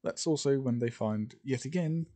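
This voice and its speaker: A man narrating an improvised fan story, halting often and correcting himself as he goes. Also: medium pitch, mellow. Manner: halting, with many fillers and self-corrections.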